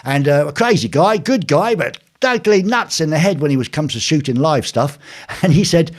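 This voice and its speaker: Animated older man telling a story. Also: on the high side, moderate pace. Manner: animated, acts out voices in anecdotes. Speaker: host. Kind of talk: storytelling live stream. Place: his home.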